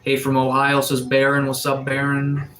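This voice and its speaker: A man's voice: mid-range voice, monotone, normal speed, fairly bright tone, slight background noise, rough recording. A man from Atlantic Canada with a cold, casually reading out and answering chat comments on a live stream. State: has a cold. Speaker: livestreamer. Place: sunroom.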